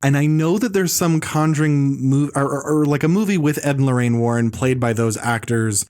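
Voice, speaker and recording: Young male co-host, mid-pitched voice, rambling talk, deadpan humor. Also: a little fast, clear, resonant tone. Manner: rambling, heavy use of "like", deadpan jokes. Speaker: podcast co-host. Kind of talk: casual film chat.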